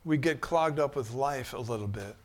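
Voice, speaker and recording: A man preaching a sermon, shifting from quiet musing to loud, emphatic bursts. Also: mid-range voice, normal speed.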